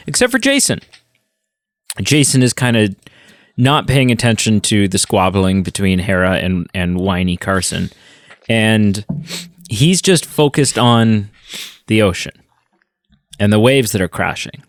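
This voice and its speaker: A man's voice: on the low side, lively intonation, a little slow, long pauses, no echo, clean studio sound. Chatty man reviewing a show. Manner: chatty, lots of fillers and retellings. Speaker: podcast host. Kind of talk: casual film review chat.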